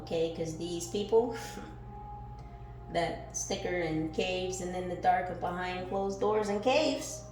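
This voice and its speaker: Animated woman giving a spiritual card reading. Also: on the low side, slow. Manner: shifts from calm musing to loud fired-up exclaiming; reads affirmations aloud, laughs and swears casually. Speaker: tarot reader. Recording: echoey room with faint music behind.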